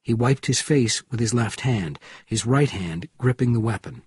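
A man narrating an audiobook chapter in a steady, measured reading. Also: medium pitch, husky, dry recording, clean studio sound.

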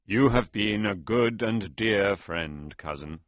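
A man doing a slow, deep-voiced, grateful king. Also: animated, no room sound. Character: grateful, solemn young king.

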